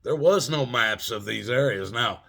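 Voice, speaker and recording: A man's voice: mid-range voice, a little slow, vocal fry, sharp tone. A middle-aged man casually telling a rambling, profane story and calling his listeners folks. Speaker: channel host telling a story.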